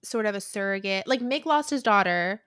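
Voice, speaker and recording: A woman's voice: medium pitch, expressive, normal speed, a bit bright, smooth, no room sound, studio quality. A young woman co-hosting a podcast, chatting and musing aloud with lots of "like" as she recaps a story. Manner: chatty, many "like" fillers, musing. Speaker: podcast co-host. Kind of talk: casual chat recapping a story.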